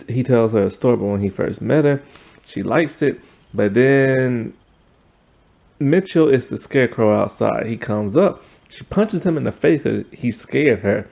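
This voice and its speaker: A man's voice: medium pitch, gravelly, dark tone. A man recapping a TV episode in a casual, rambling way, full of fillers. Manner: rambling, filler-heavy retelling. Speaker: TV episode reviewer.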